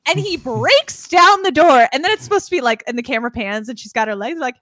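Woman podcast co-host, lively higher voice, dry close sound, casual film chat. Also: quick pace, hardly any pauses, no room sound. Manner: animated, acts out scenes in voices. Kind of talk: casual movie discussion.

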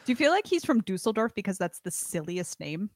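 A woman co-hosting a casual chat, making quick jokes and acting out quotes. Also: mid-range voice, big pitch swings, no room sound, clean studio sound. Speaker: podcast co-host discussing a film.

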